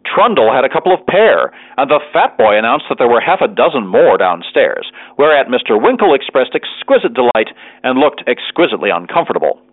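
A man narrating a classic novel as an audiobook, in an expressive, animated storytelling manner. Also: mid-range voice, brisk, dry recording. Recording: dry, phone-like narrow sound.

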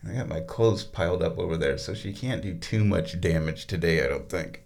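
A man in a bathtub, rambling casually and slipping into high baby-talk to his cat. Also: moderate pace, creaky, a little mellow. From United States. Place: bathroom, sitting in a bathtub.

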